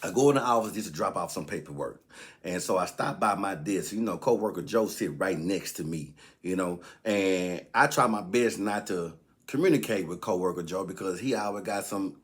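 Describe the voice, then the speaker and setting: A man telling a comedic story in casual chat, animated and leaping into higher voices when quoting people.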